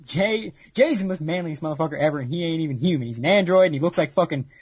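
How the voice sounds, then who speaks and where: A man on a casual podcast, ranting in a profane, over-the-top comic way, lurching from loud excitement to hushed mock-solemn lines. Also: fairly high pitch, quick pace, breathy edge, no room sound. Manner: wild swings from shouting to hushed mock-solemn tones. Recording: dull lo-fi recording.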